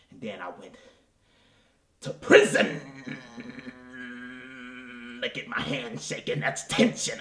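A man playing Silky Smooth, wounded soul crooner. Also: lowish voice, fairly bright tone, reverberant. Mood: rambling, boastful. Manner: melodramatic, pleading, addresses the audience, drops to whispers. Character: washed-up self-pitying male soul crooner. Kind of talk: comedy character monologue.

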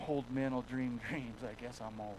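A man preaching a sermon as a pastor in a church, telling a folksy story and swinging between hushed and loud passages. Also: mid-range voice, fairly even intonation, moderate pace, a little hiss or hum, poor audio.

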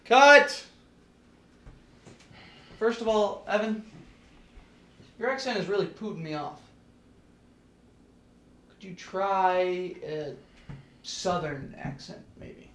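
A young man playing a bossy, exasperated film director who yells orders. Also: high voice, slow, long pauses. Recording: echoey room with faint noise.

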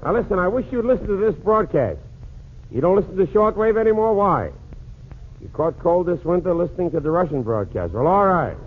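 High-voiced man doing 1940s radio comedy. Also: lively intonation. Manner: one-sided phone-call routine, quick comic patter. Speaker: comedian and emcee. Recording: tinny lo-fi 1940s radio transcription with faint hiss.

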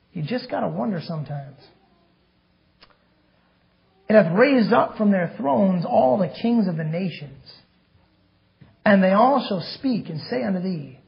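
A man's voice: high voice, gravelly. Male preacher, fiery sermon, dull lo-fi recording. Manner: reads scripture slowly, then rants and grows loud. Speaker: pastor. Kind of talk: fiery sermon with scripture reading.

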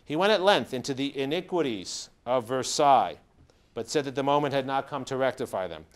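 A man giving a lecture in a plain, mid-pitched voice. He reads passages from a diary to his listeners and breaks off to add short explanations. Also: expressive, brisk, clean tone. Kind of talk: lecture with reading aloud.

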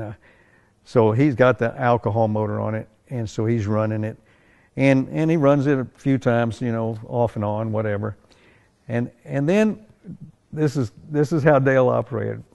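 An older man with a gravelly, creaky edge to his mid-pitched voice spins folksy shop stories. He talks conversationally, circling back and restarting his sentences as he remembers details. His pitch sits at an everyday middle. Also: fairly even intonation, normal speed, a little mellow. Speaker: drag racing team owner. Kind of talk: animated anecdote telling.

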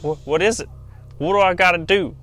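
A man's voice: high voice, a little fast, a bit bright, a little hiss or hum. A man acting in a comedy skit, talking in a playful, self-mocking way. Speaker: YouTube creator acting in a skit.

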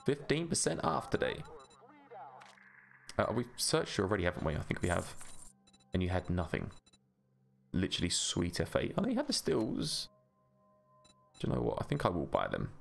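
A man's voice: low-pitched, huge pitch swings, normal speed, creaky, pauses often, faint music behind. A man hosting a gaming channel, chatting through gameplay in a rambling, self-mocking way. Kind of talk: casual gameplay commentary.

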